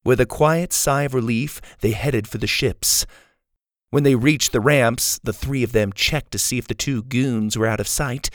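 Man reading a kids' pirate story, animated, raspy edge, dry close mic. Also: medium pitch, no room sound. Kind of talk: children's story narration.

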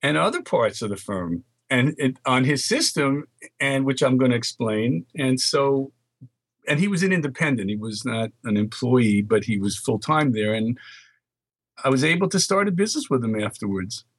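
Older Bronx man telling lively stories. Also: medium pitch, normal speed, slightly rough, no room sound. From New York, Bronx. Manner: animated anecdotes with quoted dialogue. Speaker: guest. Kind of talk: storytelling interview.

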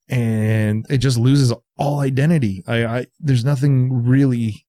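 A man in his thirties chatting casually about a horror film on a podcast. He talks in an animated, profane way, mocking the studio's thinking. His mid-pitched voice sounds dry and close, with no room around it. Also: measured pace, few pauses, no room sound. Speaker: podcast co-host. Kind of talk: casual movie review chat.

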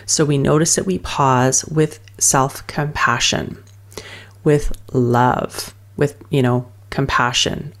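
A woman with a notably low voice talks through a breathing practice as a coach. Her delivery is soothing and unhurried in spirit, built from loose fragments and frequent fillers. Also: steady tone. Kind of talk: guided wellness teaching.

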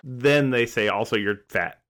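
A man's voice: medium pitch, a little slow, fairly bright tone, slight background noise. A man co-hosting a podcast, chatting casually with a joking, rambling manner. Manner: joking, rambling, self-interrupting. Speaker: podcast co-host.

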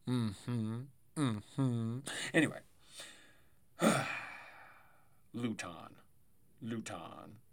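Male solo podcast host, mid-pitch, loose and rambling, sounds tired. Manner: rambling, chatty, self-correcting with asides and laughs. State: tired, yawning. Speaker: fantasy football podcast host. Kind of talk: casual solo sports podcast.

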